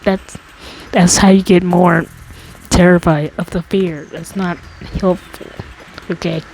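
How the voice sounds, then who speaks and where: A woman's voice: fairly even intonation, takes it slowly, a little mellow, slight background noise, low-quality recording. A woman telling a childhood story in a casual storytime monologue, rambling with lots of restarts and fillers, and getting exasperated. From America. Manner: exasperated, rises high when complaining. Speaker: storytime host.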